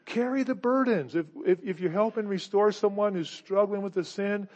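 A man's voice: sits high, normal speed, darkish tone. A man preaching a sermon as pastor, earnest, often stumbling over repeated words, then rising into emphatic exhortation.

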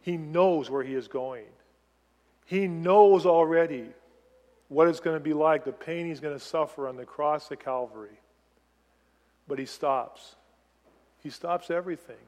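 Animated male preacher in an echoing hall. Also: a little high, measured pace, long pauses. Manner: animated preaching, asks the congregation questions. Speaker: pastor. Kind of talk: sermon.

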